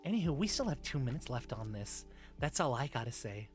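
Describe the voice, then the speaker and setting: A man streaming live, chatting in a soft, breathy, put-on high "femboy" voice close to the mic, giggling and reading chat aloud. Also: very animated, a little fast, faint music behind.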